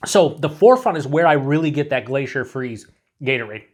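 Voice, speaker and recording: A man's voice: mid-range voice, expressive, a little fast, slight background noise. A man reviewing a beer on his own in a casual, rambling way, full of fillers and restarts, cheerful and swearing now and then.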